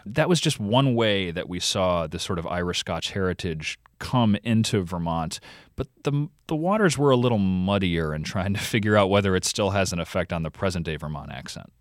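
A man's voice: deep voice, animated, normal speed, no room sound, studio quality. A man reporting for a podcast, explaining and demonstrating speech sounds as a guest on a radio interview.

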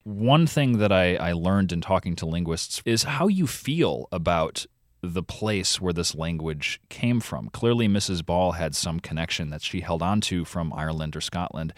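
A man's voice: sits low, moderate pace, no room sound, studio quality. A man reporting for a podcast, explaining and demonstrating speech sounds as a guest on a radio interview.

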